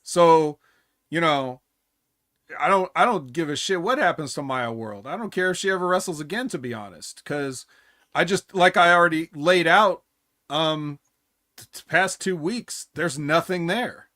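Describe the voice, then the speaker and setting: A man co-hosts a casual wrestling podcast, recapping matches bluntly and opinionatedly while swearing freely. His voice is on the high side, expressive, pushed and bright, at a measured pace, recorded clean in a studio with no room sound.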